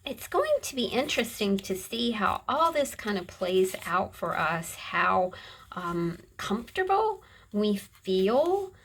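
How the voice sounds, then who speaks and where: A middle-aged woman hosting a casual craft video, chatting in a soft, rambling way as she shows her handmade books. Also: medium pitch, big pitch swings, takes it slowly, husky, rough recording. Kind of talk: casual show-and-tell chat.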